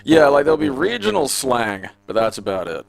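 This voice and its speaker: A man's voice: mid-range voice, big pitch swings, brisk, vocal fry, no room sound. An Australian man streaming a game and chatting casually, rambling and profane with a sardonic edge. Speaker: gaming streamer. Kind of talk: casual gameplay commentary.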